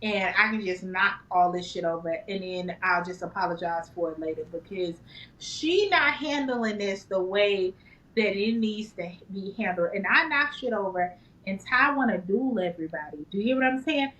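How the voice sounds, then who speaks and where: A woman co-hosting a podcast in casual chat, blunt and profane, with big leaps in pitch. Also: expressive, moderate pace, a bit bright, poor audio. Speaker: podcast co-host.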